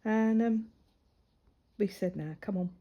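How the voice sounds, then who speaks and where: The audio is dull as a woman with a mid-range voice talks slowly. She's a crafting vlogger and mother with a grown daughter, colouring while she chats and meanders through a personal story, often dropping nearly to a whisper.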